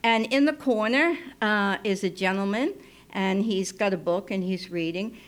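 A woman who works as a midwife, telling a personal story live in an unhurried, intimate way and dropping to a soft hush when she quotes herself. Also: medium pitch, smooth. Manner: unhurried, intimate, drops to soft near-whispers when quoting. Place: radio station studio. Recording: live radio broadcast, faint noise.

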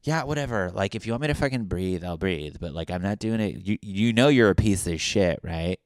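A man's voice: low voice, expressive, brisk, no room sound, clean studio sound. A man voicing a sulky young girlfriend who grudgingly goes along, sarcastic and swearing.

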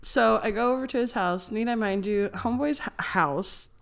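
A woman's voice: fairly high pitch, normal speed, gravelly. A woman co-hosting a casual podcast, mostly bashful, with short teasing replies and occasional stories. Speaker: podcast co-host. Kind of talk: casual chat.

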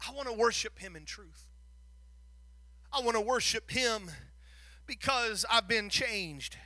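A middle-aged man preaching a sermon, folksy, quoting scripture, swinging from quiet asides to shouted passages. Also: high voice, animated, a little slow, dry recording. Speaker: pastor.

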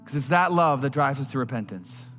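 A man preaching a sermon, telling a personal story in an earnest voice that drops low and quiet at tender moments. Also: lively intonation, a little fast, in a large hall, soft background music.

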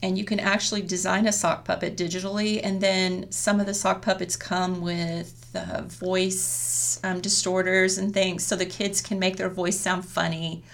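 A woman's voice: on the low side, flat delivery, normal speed, vocal fry, few pauses. A woman elementary school teacher explaining a classroom method in a friendly, chatty way with frequent laughs. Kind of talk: casual professional chat.

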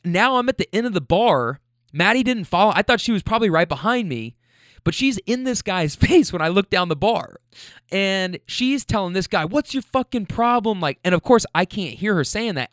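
A man's voice: high-pitched, fairly bright tone, dry recording, clean studio sound. A young man animatedly retelling a bar confrontation in a casual, profane monologue, full of restarts and heated quoted lines. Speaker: storyteller.

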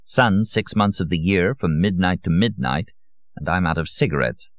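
A man's voice: low voice, animated, moderate pace, dry recording. A man reading the lines of a weary, sardonic middle-aged man, with a dry, sarcastic mutter.

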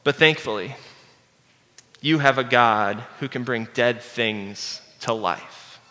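A man preaching a sermon earnestly, dropping low and quiet to stress his key points. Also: slow. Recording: long hall reverb.

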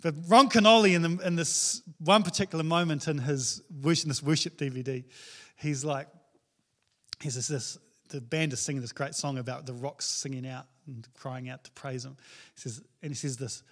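High-voiced New Zealand pastor, joking. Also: male voice, normal speed, a bit bright. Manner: casual, joking, conversational. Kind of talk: sermon.

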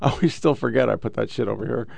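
A man's voice: medium pitch, rapid-fire, gravelly, darkish tone, dry recording. A middle-aged man hosting a casual, profane commentary show, bluntly lecturing about the clips he plays. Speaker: podcast host reacting to clips.

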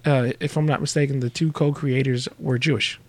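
A man's voice: mid-range voice, fairly quick. Man chiming in on a podcast. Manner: relaxed, chiming in with asides. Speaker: podcast co-host. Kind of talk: casual chat.

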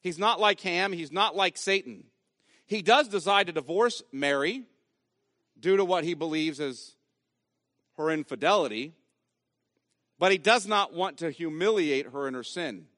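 A man's voice: fairly high pitch, a little slow, long pauses, a bit bright, no echo, clean studio sound. A man preaching a sermon as pastor, emphatic and repeating key phrases for weight.

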